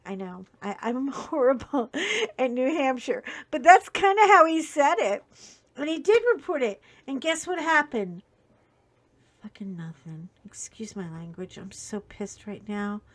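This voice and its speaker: A woman hosting a casual live stream while coloring, talking in a slow, emphatic, indignant way. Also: sits high, very animated.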